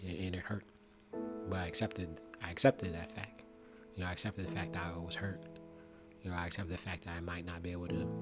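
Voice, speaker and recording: A young man speaking earnestly and reflectively about his own experience, with frequent pauses and restarts. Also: low voice. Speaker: vlogger. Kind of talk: personal testimony monologue.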